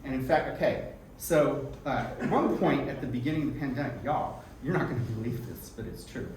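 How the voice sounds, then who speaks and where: A man's voice: medium pitch, fairly quick, a little mellow. A man hosting a live event, introducing people from the stage in an effusive, chatty way and laughing often. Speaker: event host. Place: small event hall in a music school. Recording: echoey room from far off, noisy.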